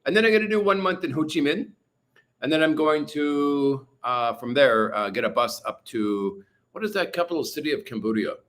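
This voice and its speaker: This British Columbia man hosts a livestream at a moderate pace, his voice a little high and fairly bright with lively intonation. He chats through viewer comments and rambles, using lots of "you know" and "uh," from a hot room at home with a fan.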